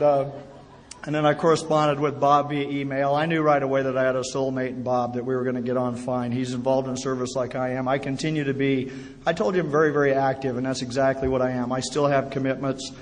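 Chatty man telling jokes in an echoing hall. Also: medium pitch. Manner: chatty, self-deprecating, joking storyteller. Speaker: speaker at a recovery meeting. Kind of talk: personal recovery talk to an audience. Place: meeting hall before an audience. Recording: live talk in a reverberant hall.

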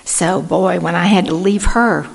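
Raspy older woman telling her story. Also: lowish voice, measured pace. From Texas. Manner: earnest storytelling, acting out quoted voices. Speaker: recovery meeting speaker. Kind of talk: personal testimony talk.

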